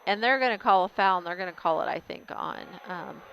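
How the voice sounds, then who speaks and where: A woman calling a school basketball game as a local announcer, casual and hesitant, with frequent pauses and fillers. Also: lowish voice, muffled recording, a little hiss or hum. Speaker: play-by-play announcer. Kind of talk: local sports commentary.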